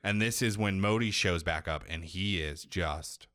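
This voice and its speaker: A man with a very low, deep voice talks loosely and profanely, piling up "like" and "you know" as he retells a video game's plot. He often slips into quick impressions of the characters before dropping back to his easy, casual chat. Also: fairly bright tone, dry recording, clean studio sound. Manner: rambling, profane, acts out quoted lines. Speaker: podcast co-host recapping a game.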